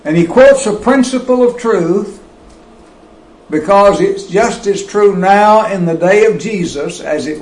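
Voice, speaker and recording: A man preaching a sermon, slow and emphatic, with wide swings of pitch and loudness. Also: echoey room, rough recording.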